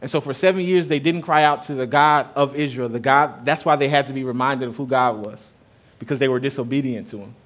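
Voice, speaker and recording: A man's voice: medium pitch, a little fast. A man in his thirties, a pastor giving a sermon in a conversational way, mixing scripture with stories about his kids. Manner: conversational preaching with personal stories, rising and dropping loudness.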